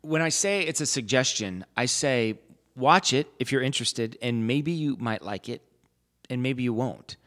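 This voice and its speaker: Co-hosting a podcast, a man rambles through a casual chat full of fillers and false starts. He sounds animated and fairly bright, with a medium pitch and moderate pace.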